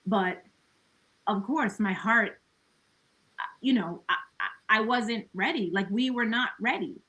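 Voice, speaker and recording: A woman's voice: fairly high pitch, unhurried, sharp tone, muffled recording. A woman talking as a podcast guest in a casual conversation. She is earnest and reflective, with many "like" and "you know" fillers and laughs between her thoughts.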